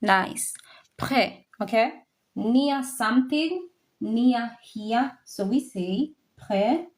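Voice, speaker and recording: A woman teaching a French lesson, saying each word slowly and repeating it for learners to copy. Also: a little high, expressive. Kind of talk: classroom language lesson.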